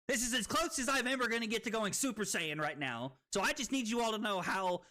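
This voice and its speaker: A man streaming a card game, tipsy from drinking, who breaks into loud excited outbursts and giggly laughter. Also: high-pitched, fast, few pauses. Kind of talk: live stream gameplay commentary.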